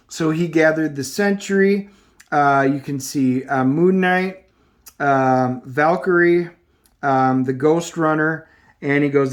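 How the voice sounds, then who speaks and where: A man reviewing a comic book in a casual style. He recaps the story and reads the dialogue from the panels aloud in a loose, halting way. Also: a little high.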